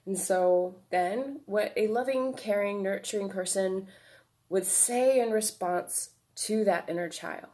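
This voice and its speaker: A woman giving a casual self-help lesson, relaxed and encouraging, often checking in with "right?" and fillers. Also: medium pitch, slow. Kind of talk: casual instructional talk.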